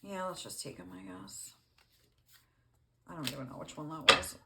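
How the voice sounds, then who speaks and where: A woman with a low voice gives a casual tarot reading. She rambles along in a loose, chatty way, full of fillers and small asides. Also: sing-song, normal speed, heavy background noise. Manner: rambling, lots of "like", laughs often. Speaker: tarot reader.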